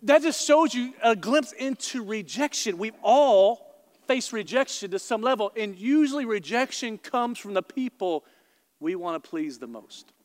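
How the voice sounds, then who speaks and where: High-voiced preacher in an echoing hall. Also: male voice. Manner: animated storytelling, quick asides to the congregation. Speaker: pastor. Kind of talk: sermon. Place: large church auditorium before a congregation. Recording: long hall reverb in a large room.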